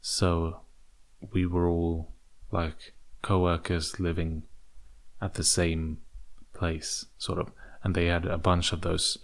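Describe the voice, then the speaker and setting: A man's voice: deep voice, level tone, slow pace. A young man hosting a solo podcast, rambling in a put-on British accent, with many fillers and restarts. English is not his first language. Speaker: podcast host.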